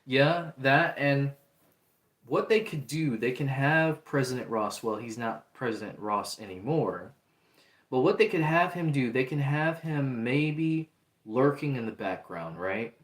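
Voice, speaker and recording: Man, livestream host, casual earnest chat, repetitive, reads chat aloud, average pitch, echoey room. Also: animated, unhurried. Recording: roomy echo.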